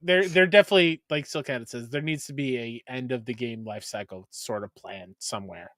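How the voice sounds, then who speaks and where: A man's voice: medium pitch, brisk, fairly bright tone, no room sound, studio quality. A man hosting a casual gaming podcast, talking emphatically and sounding exasperated. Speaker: podcast host.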